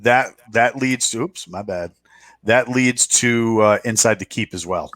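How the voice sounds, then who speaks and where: Narrating as game master for a tabletop session, a man keeps things loose and chatty, full of fillers and repeated "right?" check-ins. He talks at a measured pace with a medium-pitched, slightly bright voice, and the recording has no echo.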